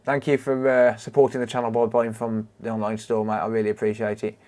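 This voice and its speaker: A man's voice: fairly low pitch, level tone, quick pace, a little mellow. A man with a British accent chatting casually on a repair livestream, greeting and thanking viewers by name as he works. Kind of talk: casual live stream chat.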